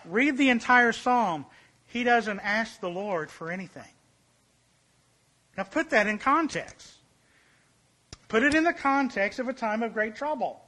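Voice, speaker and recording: High, bright-voiced preacher man. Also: animated. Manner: emphatic, repeats key phrases, slows and drops to a hush for emphasis. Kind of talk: sermon.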